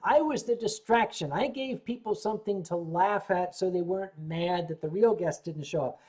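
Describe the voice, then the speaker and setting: An older man from the United States hosting a casual livestream, rambling, reading viewer comments, often clearing his throat between sips. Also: high-pitched, normal speed, a little mellow. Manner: sipping drinks while chatting. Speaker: livestream host.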